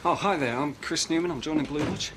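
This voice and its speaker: An actor playing a new firefighter from Western Australia, speaking with an Australian accent in short, understated replies. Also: male voice, on the high side, fast, background noise, lightly acted.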